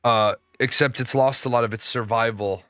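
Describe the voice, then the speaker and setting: A man's voice: medium pitch, fairly even intonation, normal speed, a bit bright. A young adult man streaming a game, telling stories in casual, profane chat with frequent stammers and restarts. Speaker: gaming streamer.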